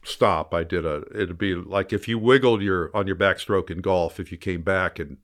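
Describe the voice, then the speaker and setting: Deep-voiced older man telling fishing stories. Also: moderate pace. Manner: animated, rambling anecdotes with self-mocking humor. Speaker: guest; fly fisherman. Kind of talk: storytelling in casual interview.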